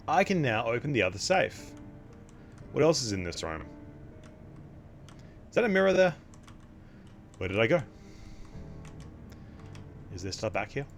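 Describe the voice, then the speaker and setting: A man's voice: mid-range voice, sing-song, measured pace, creaky, pauses often, soft background music. A young man giving casual, wry commentary while streaming a horror game. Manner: wry, sarcastic asides.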